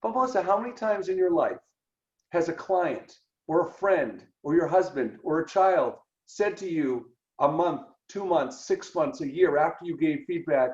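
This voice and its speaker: Animated man, lively pitch, roomy sound. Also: normal speed, lo-fi sound. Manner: animated, acts out quoted dialogue. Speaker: podcast co-host. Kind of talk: conversational podcast discussion.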